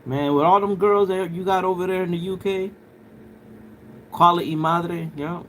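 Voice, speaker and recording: In a high voice and at a brisk pace, a man on a live stream chats casually with his viewers, with slight background noise behind him. He rambles, speaks directly to chat, and keeps things loose and profane with plenty of filler.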